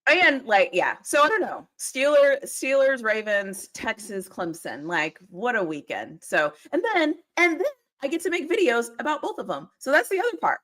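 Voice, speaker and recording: Joining a live-streamed video call from home, this Pittsburgh-area woman co-hosts a laid-back football chat. She speaks at a normal pace with a fairly high, fairly bright voice that swings widely in pitch, rambling and frequently laughing.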